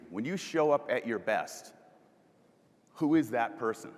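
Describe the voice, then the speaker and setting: A man's voice: mid-range voice, expressive, a little slow. A man giving a live motivational talk at a conference, putting questions to the audience and guiding them through breathing exercises. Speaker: motivational speaker. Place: large conference hall. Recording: long hall reverb.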